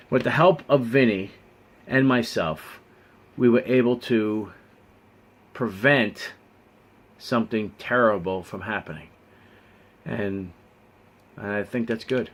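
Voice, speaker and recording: A man's voice: mid-range voice, slow, long pauses. A man telling a personal story in a casual vlog, earnest and rambling. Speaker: vlogger.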